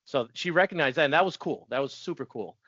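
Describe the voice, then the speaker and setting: A man in his forties telling his story as a podcast guest, chatty and quick to laugh, often restarting sentences. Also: on the high side, expressive, a bit bright, dry recording. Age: 40s. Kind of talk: casual storytelling interview. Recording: dull dry lo-fi audio.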